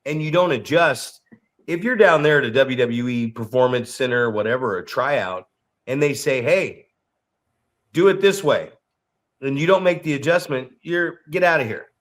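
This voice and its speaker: A man co-hosting a podcast and coaching wrestlers, telling stories in an animated way, repeating words and swearing freely. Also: medium pitch, normal speed. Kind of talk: casual podcast chat.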